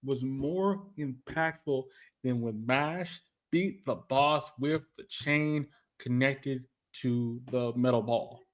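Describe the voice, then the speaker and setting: A man's voice: medium pitch, takes it slowly. A man co-hosting a casual anime podcast, talking emphatically and repeating himself as he argues his points. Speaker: podcast co-host.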